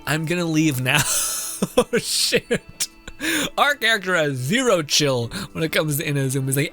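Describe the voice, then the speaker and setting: A young male streamer reacting to a video game with a slightly raised voice. He is sarcastic and profane and laughs a lot, with soft game music behind him. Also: a little high, lively intonation, normal speed. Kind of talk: game commentary.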